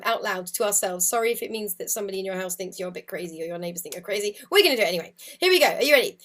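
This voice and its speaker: A woman's voice: on the high side, expressive, very fast, hardly any pauses. A woman teaching an online group harp lesson, counting rhythms aloud and singing the notes in an encouraging way. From United Kingdom. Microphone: video call setup. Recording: loud harp playing behind the voice.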